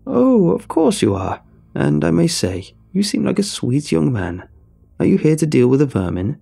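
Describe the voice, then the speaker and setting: A man's voice: sing-song, moderate pace, vocal fry, warm tone, slightly rough, soft background music, heavily acted. A man putting on a squawking shrewd old woman. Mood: shrill, rambling. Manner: shrill, snappish.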